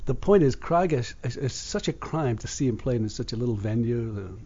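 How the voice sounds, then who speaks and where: A husky-voiced older man from England rambles bluntly through his radio show, swearing freely and with no polish. The recording sounds dull and lo-fi, like old radio. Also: mid-range voice, animated, fairly quick, mellow. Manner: profane, gruff and blunt.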